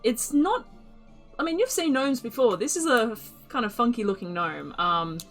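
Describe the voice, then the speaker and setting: A woman narrating a tabletop fantasy game as game master, telling the scene in a lively, relaxed storyteller's way. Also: on the high side, moderate pace, soft background music.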